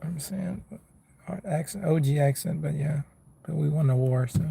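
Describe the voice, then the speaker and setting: A man's voice: fairly high pitch, moderate pace, gravelly, dark tone, slight background noise. A man, chatting casually with his viewers on a live stream from his car, laid-back and rambling, calling people bro and man. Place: inside a car.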